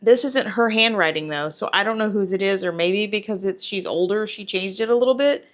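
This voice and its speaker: A woman, chatting to camera as a home cooking vlogger, talkative and sentimental, her voice going soft when she is moved. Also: mid-range voice, fairly quick. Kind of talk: casual talk to camera.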